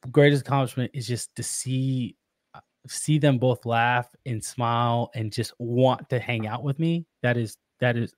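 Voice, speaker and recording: Guesting on a podcast in casual interview talk, a man speaks earnestly and reflectively about fatherhood, often restarting his sentences. His voice is medium in pitch, steady and a little slow, recorded in studio quality with no echo.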